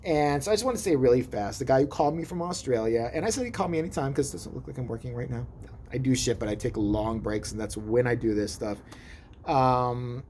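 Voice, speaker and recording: A man's voice: mid-range voice, animated, fast, a little mellow, slight background noise. A man giving a rambling, joking comic monologue to camera from inside a shop, drifting off on tangents. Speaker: vlogger. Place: adult store.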